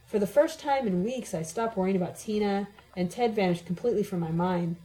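A woman reads a first-person audiobook with a dramatic, emotionally charged delivery. Her voice is mellow and sits at a mid pitch. She gives every sentence strong feeling. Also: poor audio. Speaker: audiobook narrator.

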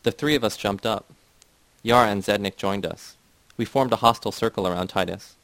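A man reading a novel aloud as scripted narration, in a steady, measured way. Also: on the low side, no echo, low-quality recording. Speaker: audiobook reader.

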